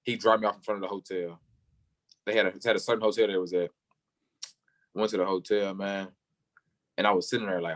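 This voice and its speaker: A young man talking at a fast clip in a low-pitched voice, telling his story in an interview. He acts out everyone he quotes and leaps up high in pitch for their lines. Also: flat delivery, fairly bright tone. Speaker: football player guest.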